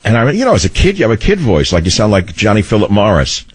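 A middle-aged man with a baritone voice, hosting a talk radio show in a combative, rambling way. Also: wildly swooping pitch, fast, breathy edge, no echo. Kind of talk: opinionated talk radio monologue. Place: radio studio. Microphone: studio microphone.

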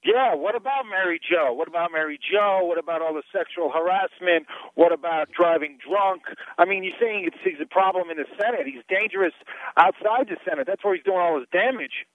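A man phoning in to a talk radio show, heated and repeating himself in a fairly high voice. The sound is thin and tinny, squeezed through a phone line, and dry. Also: fairly quick, no echo. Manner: heated, agreeing, repetitive. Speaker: caller. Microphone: telephone.

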